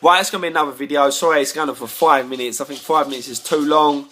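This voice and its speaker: A man's voice: on the high side, fairly even intonation, fast, bright, forceful tone. A tipsy man, rambling to camera in a casual rant, stumbling over repeated words and swearing when riled. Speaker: vlogger.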